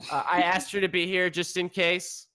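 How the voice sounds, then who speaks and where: A man's voice: sits high, flat delivery, normal speed, bright, forceful tone, voice pushed up. A man voicing a hesitant, apologetic butler in a tabletop game. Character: nervous male butler.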